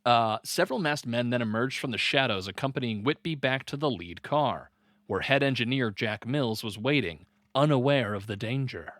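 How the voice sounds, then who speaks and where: A man's voice: medium pitch, animated, fairly bright tone, dry recording, clean studio sound. A man co-hosting a true-crime podcast, reading the case aloud and often breaking off to joke and laugh. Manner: reads story notes quickly, breaks off to joke and laugh. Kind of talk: casual comedy podcast chat and reading.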